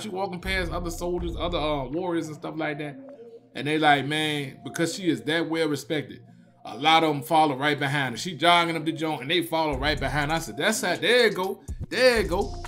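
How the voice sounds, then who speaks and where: A man's voice: on the high side, a bit bright. A man giving a casual spoken movie review. He retells the scenes with emotion and animation, full of slang and a repeated "man".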